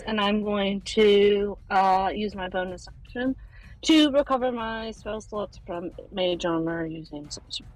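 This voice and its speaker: A woman's voice: medium pitch, rough recording. A woman playing a tabletop game, describing her character's actions in a hesitant way. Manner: unhurried, hesitant with fillers. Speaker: player. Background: background music.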